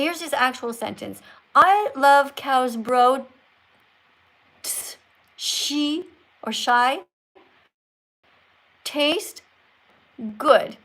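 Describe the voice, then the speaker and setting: A woman's voice: high-pitched, fairly bright tone. A woman in her sixties hosting a livestream, chatting casually, teasing callers and reading viewer comments aloud. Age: 60s. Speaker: livestream host.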